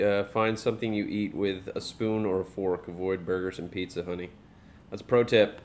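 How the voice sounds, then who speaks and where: A man's voice: sits low, steady tone, moderate pace, a little mellow. A young man, a dad, joking casually with a live stream chat while talking to his baby.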